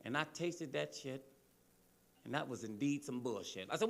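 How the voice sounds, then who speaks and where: A man from Cleveland doing a loud, profane, animated stand-up routine on a comedy club stage. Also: medium pitch, normal speed, vocal fry. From Cleveland, Ohio, US.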